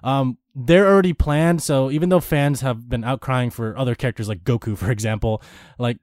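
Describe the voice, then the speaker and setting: A man's voice: medium pitch, a little fast, darkish tone, no echo, studio quality. A young man on a podcast, chatting casually about games and rambling with restarts and fillers. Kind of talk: casual gaming chat.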